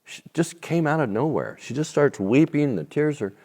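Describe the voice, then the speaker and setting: A man telling a faith testimony as an interview guest, animated and then dropping soft and low at tender moments. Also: normal speed. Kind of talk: storytelling testimony. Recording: long reverb.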